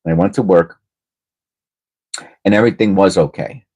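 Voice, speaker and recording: A man's voice: deep voice, normal speed, a little mellow, breathy edge. A middle-aged man hosting his livestream, telling a rambling personal story in a casual, hesitant way with lots of fillers. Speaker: livestream host.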